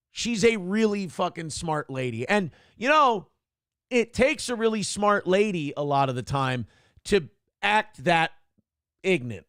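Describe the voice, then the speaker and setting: A man's voice: high voice, a bit bright, no echo, studio quality. A male talk show host in casual live-stream chat, profane and joking as he reads out viewer comments.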